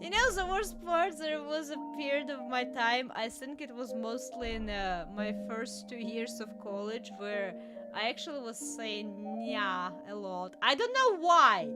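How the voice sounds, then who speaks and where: A young woman streaming a game, chatting casually, laughing often and yelping and shouting at what happens on screen. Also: fairly high pitch. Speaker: VTuber streamer. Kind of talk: casual gameplay commentary.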